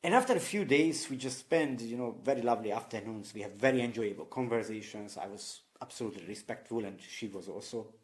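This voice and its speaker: A man's voice: medium pitch, animated, fast, few pauses. A man from Eastern Europe telling candid personal stories in loose, non-native English, often laughing at himself. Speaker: vlogger. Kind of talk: personal storytelling to camera.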